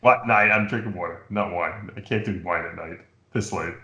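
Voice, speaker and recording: A middle-aged man from New York hosting a show, chatting casually and telling rambling, animated stories. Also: low voice, brisk, echoey room, dull audio. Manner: rambling, animated storytelling with impressions. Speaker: podcast host. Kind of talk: casual chat.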